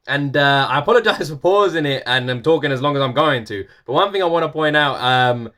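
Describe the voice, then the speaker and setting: A man's voice: on the high side, expressive, fairly quick, bright, forceful tone. Earnest rambling young British man. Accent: mixed British. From Irish-born, raised in the UK. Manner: rambling and earnest, with fillers and repeats. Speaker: music reaction video host. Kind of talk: casual reaction commentary.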